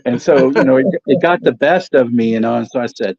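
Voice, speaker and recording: Gravelly guy on a stream, rambling story w lots of ums, kinda muffled audio. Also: mid-range voice, a little mellow. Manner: rambling, halting, many fillers and laughs. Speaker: co-host of a watch-along stream. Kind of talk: casual chat, telling stories.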